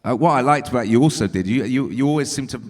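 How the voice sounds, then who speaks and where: A man's voice: mid-range voice, quick pace. A man interviewing a guest, asking short follow-up questions.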